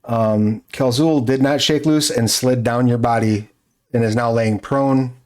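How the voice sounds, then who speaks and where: A man's voice: medium pitch, fairly even intonation, a little slow. Game master, male, easygoing, laughs a lot while narrating a tabletop session. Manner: laughs often, many fillers.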